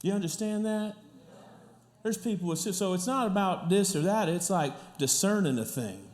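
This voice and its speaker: A middle-aged pastor from the Kansas City area, telling a story in a sermon, chatty and animated with many restarts. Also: male voice, high voice, normal speed.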